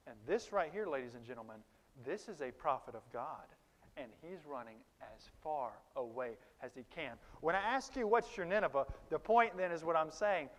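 A man preaching a sermon in a conversational, animated way, with sudden loud emphases and quiet asides to the congregation. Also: fairly high pitch, moderate pace. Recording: long reverb of a large hall.

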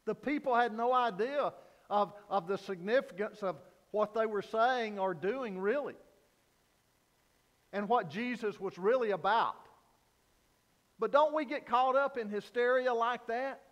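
A man preaching a sermon as pastor, earnest, swinging from loud emphasis down to quiet, low lines. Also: unhurried, muffled recording. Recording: long hall reverb.

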